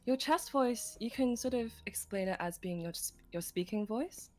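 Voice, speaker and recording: A woman with a medium-pitched, dark voice teaches singing technique on a livestream at a moderate pace. She's patient and giggly, walking through each step with frequent light laughs.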